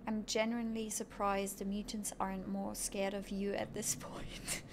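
A woman's voice: medium pitch, little pitch movement, normal speed, noisy background. A woman streaming a game live, chatting playfully with her viewers and laughing often at her own jokes. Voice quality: giggly, playful, self-mocking. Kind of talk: live gameplay commentary.

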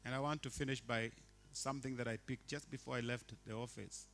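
A man, preaching a sermon as a bishop in a church, animated and shifting between quiet and loud. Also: mid-range voice, brisk, creaky, soft background music. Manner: animated, swings from quiet to shouting.

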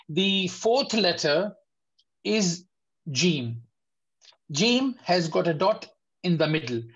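With the highs cut off, the recording captures a high-pitched man leading an online tajweed class. The Quran recitation teacher patiently drills letter sounds at a slow pace, stopping to ask his students if they understand.

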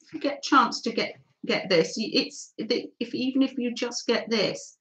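A woman's voice: a little high, moderate pace, fairly bright tone. A woman hosting a live mixed-media art demo, chatting and thinking aloud as she paints and reading out viewers' comments. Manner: reads out and thanks viewers' comments. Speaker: craft livestream host.

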